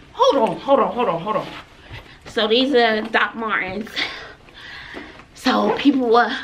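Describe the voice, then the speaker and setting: A woman chatting to her viewers in a relaxed vlog, with a somewhat high voice that swoops up and down. She talks slowly and unhurriedly, full of playful exclamations and laughter. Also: slight background noise. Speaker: vlogger showing her outfit.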